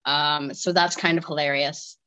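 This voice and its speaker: A woman's voice: deep voice, fairly even intonation, moderate pace, sharp tone, clean tone, low-quality recording. A woman in her forties, a deaf soccer player from the United States, chatting in an interview and telling stories animatedly with frequent restarts and laughter. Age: 40s. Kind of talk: casual interview chat.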